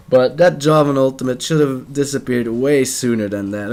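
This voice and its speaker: Young male game caster, playful, jokey, mid pitch, trails off mid-sentence. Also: moderate pace. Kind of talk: live esports play-by-play commentary.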